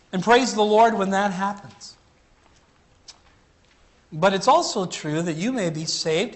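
A man delivers a sermon with a notably high-pitched voice. He preaches earnestly and emphatically, stretching out key phrases to drive them home.

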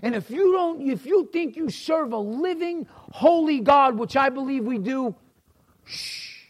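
A man's voice: extremely high pitch, lively intonation, unhurried. A middle-aged man with a New York accent teaching a church class in a folksy sermon style, talking to listeners by name.

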